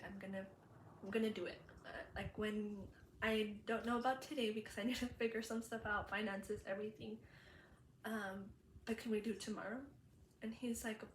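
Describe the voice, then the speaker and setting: A young woman telling a personal story in a vlog, chatty with many fillers, emotional and laughing through tears. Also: mid-range voice. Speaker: vlogger. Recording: roomy echo, faint background hum.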